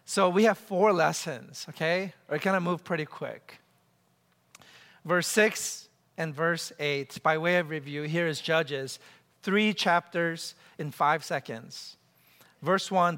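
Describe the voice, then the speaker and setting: A man preaching a sermon to his church, animated, acting out scenes and leading the congregation in call-and-response. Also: takes it slowly. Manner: animated, acts out scenes and quotes with big pitch jumps. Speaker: pastor. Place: church sanctuary. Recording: long hall reverb.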